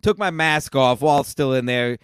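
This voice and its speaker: A man's voice: mid-range voice, normal speed, smooth, no echo. A young man co-hosting a casual call-in show, telling a profane, ranting story. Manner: ranting, profane, builds to shouting. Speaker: podcast co-host.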